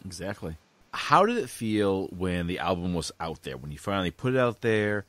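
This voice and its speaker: A man's voice: low-pitched, moderate pace, no room sound. A man interviewing a guest in an enthusiastic, casual way. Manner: enthusiastic, lively, praising.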